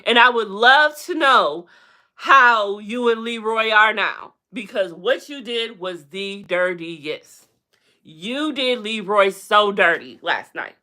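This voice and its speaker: Sassy, bright-voiced woman live-streaming gossip. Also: lively intonation, takes it slowly. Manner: sassy and blunt, with big pitch swings; chatty, calls out to viewers. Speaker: livestream host.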